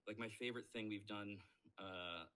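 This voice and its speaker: A man in his thirties, a voice actor guest on a podcast, telling stories in a casual, animated way and acting out what people said. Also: on the low side, moderate pace, clean tone. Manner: animated storyteller, acts out quoted voices. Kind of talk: casual podcast interview storytelling.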